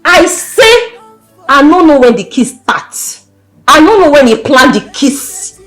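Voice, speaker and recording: A woman with a Nigerian accent playing a brash, loud-mouthed young village woman who rants and hurls insults in pidgin. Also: high-pitched, expressive, brisk, soft background music. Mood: indignant.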